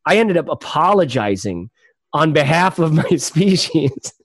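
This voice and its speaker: A man's voice: fairly high pitch, big pitch swings, a little slow, no room sound. A man, a podcast guest, telling a long story in casual chat, rambling with many fillers and laughs.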